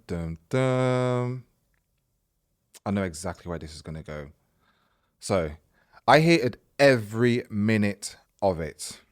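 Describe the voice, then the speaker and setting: Chatty low-voiced young man reading aloud. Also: dry recording, studio quality. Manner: chatty and digressive, reads aloud then breaks off to comment. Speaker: podcast host reading a listener story. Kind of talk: casual reaction reading.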